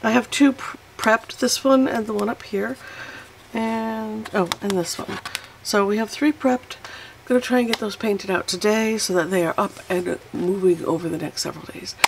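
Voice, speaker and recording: Woman, watercolor tutorial host, chatty, self-deprecating, gravelly, faint background hiss. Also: mid-range voice, moderate pace, poor audio. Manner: chatty, self-deprecating, narrates her painting steps. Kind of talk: casual painting tutorial talk.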